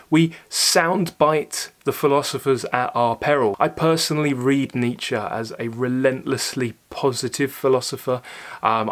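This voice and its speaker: A young man hosting his own channel, answering viewer questions in a thoughtful, earnest way, often pausing with fillers and restarting his sentences. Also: medium pitch, a bit bright. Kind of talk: casual solo talk to camera.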